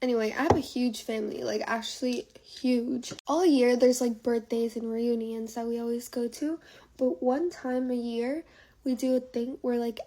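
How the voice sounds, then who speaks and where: Mellow young woman chatting casually. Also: fairly high pitch, fairly even intonation, moderate pace, a little hiss or hum. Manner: casual rambling with lots of "like". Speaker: lifestyle creator. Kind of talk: get-ready-with-me chat.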